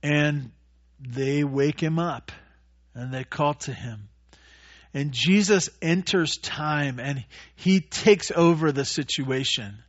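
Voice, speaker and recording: High-voiced animated preacher man, lo-fi. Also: slow pace. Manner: animated, acts out voices of Jesus and disciples. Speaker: pastor. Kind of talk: sermon.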